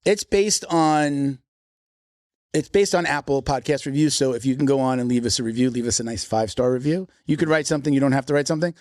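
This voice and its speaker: A man's voice: medium pitch, quick pace, darkish tone, dry recording, clean studio sound. A man hosting a podcast, chatting casually and joking, often restarting his sentences. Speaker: podcast host.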